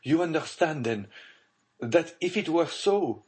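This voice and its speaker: Audiobook figure: brooding nobleman, hushed, slow and grave, read by a man. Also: fairly high pitch, expressive, husky, pitched above the performer's own voice. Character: haunted scheming nobleman, secretive and grave.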